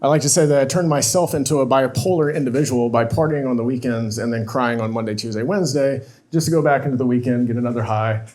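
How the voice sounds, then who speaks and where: On stage at a live talk event, a man with a medium-pitched, darkish voice tells a painful personal story, talking fast with hardly any pauses. He is emotional and confessional, acting out the dialogue he quotes.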